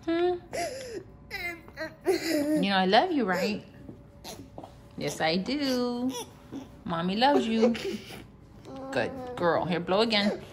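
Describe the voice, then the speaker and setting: Gentle high-voiced mom coaxing her toddler. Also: lively intonation, takes it slowly, pauses often. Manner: gentle, coaxing, sing-song questions. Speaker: mother calming her toddler. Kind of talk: soothing parent talk to a child. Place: home, at a table.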